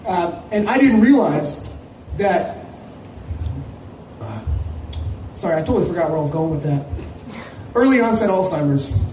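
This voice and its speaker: A man's voice: sits high, very animated, normal speed, long pauses, a little mellow. A man from Ontario hosting a stand-up comedy night, crude and teasing, bantering with the audience in a small club. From Ontario, Canada. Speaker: comedy show host. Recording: echoey club, from far off, faint noise.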